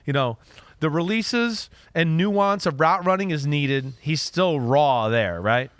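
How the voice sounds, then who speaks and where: A man hosting a casual football talk show, breaking down players in an animated, emphatic way and often tagging "right?" onto his points. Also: a little high, slow pace, dry recording. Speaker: podcast host, former quarterback. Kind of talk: casual football analysis chat.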